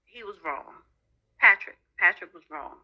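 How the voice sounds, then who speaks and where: Lively dismissive woman, dull lo-fi audio. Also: medium pitch, measured pace. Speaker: online commentator. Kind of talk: casual opinion chat.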